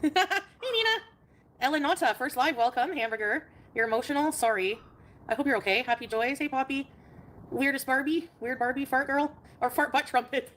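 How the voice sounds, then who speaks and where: A woman's voice: high-pitched, brisk, fairly bright tone, a little hiss or hum. Chatty woman greeting her stream viewers. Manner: chatty, greeting viewers by name with frequent laughs. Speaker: livestreamer. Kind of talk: casual live stream chat.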